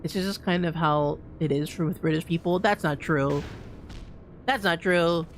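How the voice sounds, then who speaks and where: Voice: medium pitch, moderate pace, slight background noise. A game streamer giving casual gameplay commentary, rambling with lots of restarts and repeats and an easy "dude" here and there. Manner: calls people "dude".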